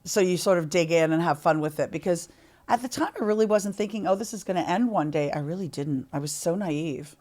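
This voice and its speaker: A woman's voice: lowish voice, brisk, darkish tone. A middle-aged woman from Canada, a podcast guest telling candid stories in a chatty way and swearing freely. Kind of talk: candid interview storytelling.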